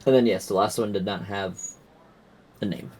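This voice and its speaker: A man's voice: on the low side, fairly even intonation, moderate pace, darkish tone. A man running a tabletop game as game master, explaining the setting in loose, rambling casual chat with the odd swear word.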